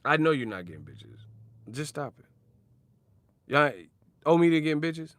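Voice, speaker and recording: A young man rants in slang, swearing and laughing, with pitch that swings wildly from low to high. His voice is bright and forceful. The recording is dry and close. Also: very animated, moderate pace, dry recording. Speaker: boxing commentary vlogger. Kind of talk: casual rant.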